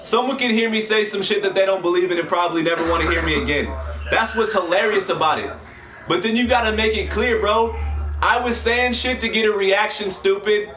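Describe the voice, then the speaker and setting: A man with a high voice talks in a loose, slangy livestream chat, full of swearing and quick laughs. He has been drinking. The sound bounces around an echoey room. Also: crowd noise. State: drinking while talking. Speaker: livestream co-host. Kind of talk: casual chat.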